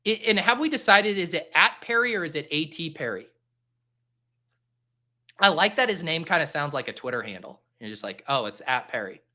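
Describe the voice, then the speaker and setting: A man hosting a live stream, making casual commentary full of jokes and quick exclamations. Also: on the high side. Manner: animated, joking, quick exclamations. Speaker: livestream host.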